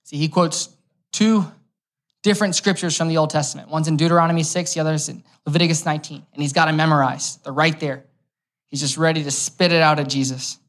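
A man's voice: on the high side, steady tone, a little fast, fairly bright tone. Young man preaching casually. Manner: casual and storytelling, with light humor. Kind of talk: conversational sermon.

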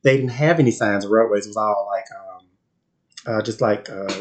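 A man's voice: lowish voice, moderate pace. A man from the American South with a Southern accent, co-hosting a podcast in joking, rambling casual chat. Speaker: podcast co-host.

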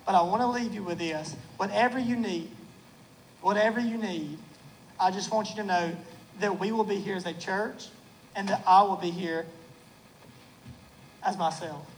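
A pastor delivering a sermon in a church, emphatic, repeating phrases and slowing to stress key words. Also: mid-range voice, a little hiss or hum, poor audio.

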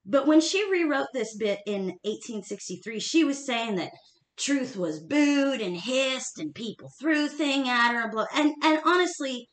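Animated woman chatting in an echoey room. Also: high-pitched, measured pace. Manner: animated, laughs often, emphatic. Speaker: podcast co-host. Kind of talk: casual history chat.

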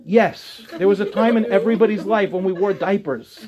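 A man in his forties, a rabbi giving an animated Torah class to young women in a classroom, acting out quoted voices with humor. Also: high voice, fairly quick. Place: classroom before an audience.

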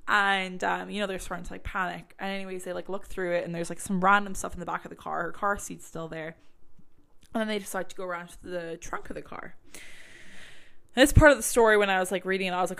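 Gravelly-voiced woman retelling true crime. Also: on the low side, fast talker, a bit bright. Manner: chatty, filler-heavy, swears when worked up.

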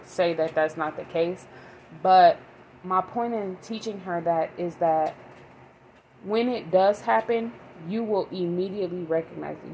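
A woman's voice: fairly low pitch, darkish tone, slight background noise, poor audio. A young adult woman, a mother, rambling casually to her viewers with lots of fillers and restarts. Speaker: vlogger. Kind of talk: casual rambling talk to camera.

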